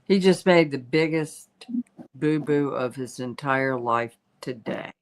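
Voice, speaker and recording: An older woman, a psychic medium hosting a casual livestream, telling stories in an animated way. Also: very deep voice, slow pace, poor audio. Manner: animated storytelling, quotes spirits in voices. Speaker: psychic medium, show host.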